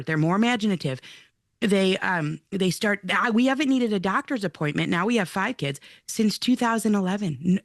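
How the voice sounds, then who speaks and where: A woman's voice: mid-range voice, no echo, clean studio sound. A woman in her forties, a guest in an interview, telling a personal story with earnest energy and acting out what people said. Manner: lively, earnest storytelling with acted-out quotes. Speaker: guest, mother and outdoor-play advocate.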